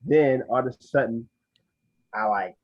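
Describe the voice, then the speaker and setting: A man co-hosting a podcast, telling an animated, profane story and acting out his own lines. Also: medium pitch, measured pace, dry recording. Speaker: podcast co-host. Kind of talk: casual storytelling chat. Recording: dry, dull lo-fi sound.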